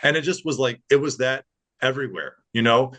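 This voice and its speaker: A man's voice: mid-range voice, brisk. A young man, a podcast guest, telling a story in casual chat and acting out the voices of the people he quotes. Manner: animated, acts out others' voices in quotes.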